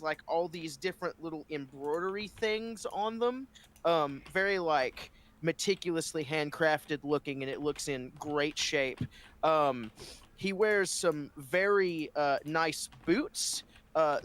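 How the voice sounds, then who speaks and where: A man's voice: fairly high pitch, fairly bright tone. A man player describing his tabletop character in casual chat, rambling with many fillers and restarts.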